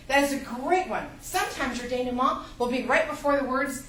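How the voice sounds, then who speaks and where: A woman teaching a college literature class, lively, asking the class rhetorical questions and acting out how readers react. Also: sits high, a little fast, slight background noise. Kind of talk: classroom lecture. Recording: echoey classroom, mic far off.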